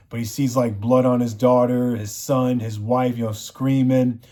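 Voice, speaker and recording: A man's voice: mid-range voice, little pitch movement, measured pace, dark tone. A man reviewing a TV show, recapping the plot in a rambling, casual way, full of "you know" fillers.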